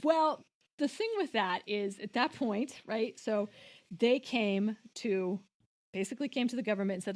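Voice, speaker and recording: A woman's voice: mid-range voice, normal speed. Woman, podcast co-host, casual explaining, long winding turns. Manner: explains at length, with many restarts and quoted voices.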